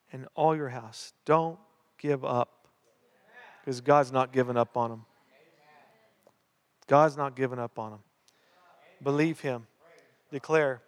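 Pastor, male, earnest storytelling sermon, slightly high voice, long reverb of a church hall. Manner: storytelling, earnest, repeats key phrases.

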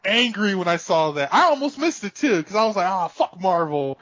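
A man's voice: high-pitched, big pitch swings, fairly quick, a bit bright, dry recording. A man in casual chat, ranting with laughs and profanity as a podcast co-host. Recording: dull lo-fi, dry.

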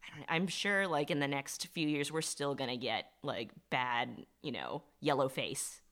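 A woman with a notably low voice joins a relaxed podcast discussion. She speaks thoughtfully and hedges her points, pausing on small fillers as she works out what she means. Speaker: podcast co-host. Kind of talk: casual discussion.

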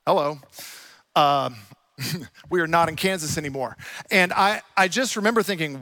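A young adult man preaching a sermon, telling stories with lively quoted asides. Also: a little high, moderate pace, long pauses, no echo. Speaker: pastor. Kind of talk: sermon with storytelling.

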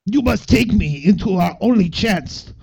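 A man reading a book aloud in an exaggerated mock Russian accent, loud and drawn out. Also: sits high, lively intonation, moderate pace, vocal fry, slightly rough, voice pushed up, full character voice. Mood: hammy. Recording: dull lo-fi recording.

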